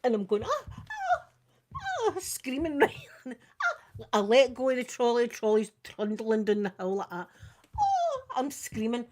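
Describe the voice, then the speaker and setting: Woman, older, Scottish accent, live makeup vlog, casual animated storytelling. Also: on the high side, fairly quick, hardly any pauses. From Scotland. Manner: animated storyteller, acts out screams and quotes. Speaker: makeup vlogger.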